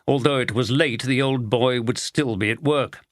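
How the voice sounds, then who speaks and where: A man's voice: mid-range voice, moderate pace, no echo, clean studio sound. Man narrating a mystery audiobook.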